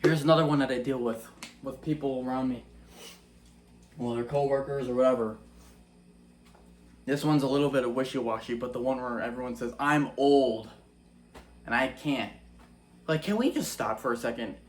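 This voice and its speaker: A man's voice: mid-range voice, a little fast, pauses often, a little mellow, a little hiss or hum. Earnest young man, challenging, rhetorical. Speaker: Christian vlogger. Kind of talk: casual faith-based monologue.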